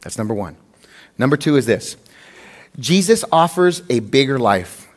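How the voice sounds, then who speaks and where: A man pastor preaching a sermon in an animated way, acting out the prayers he quotes. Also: medium pitch, normal speed.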